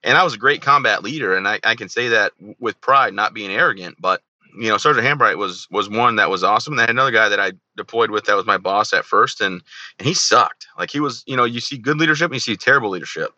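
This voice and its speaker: Fast-talking man with a bright, forceful voice. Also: fairly low pitch, dry recording, lo-fi sound. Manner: joking, animated storyteller who acts out quoted dialogue. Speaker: podcast guest, army veteran. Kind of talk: casual interview storytelling.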